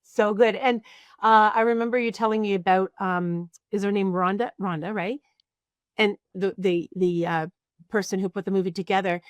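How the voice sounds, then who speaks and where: A woman's voice: medium pitch, fairly even intonation, normal speed, no room sound. A woman hosting a podcast, asking chatty questions with fillers. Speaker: podcast host. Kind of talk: casual interview.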